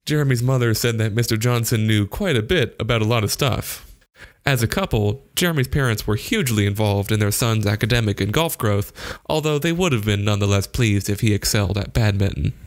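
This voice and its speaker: A man reading a comic short story aloud in an even, deadpan manner. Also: lowish voice, brisk. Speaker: audiobook narrator.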